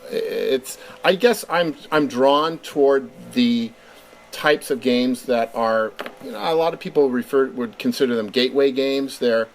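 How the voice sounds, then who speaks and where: A man's voice: mid-range voice, measured pace. A middle-aged Californian man talks eagerly about making games, often repeating words as he starts his sentences. A faint hiss sits behind his voice. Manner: enthusiastic, with stammered repeats. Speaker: game designer guest. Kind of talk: casual interview chat.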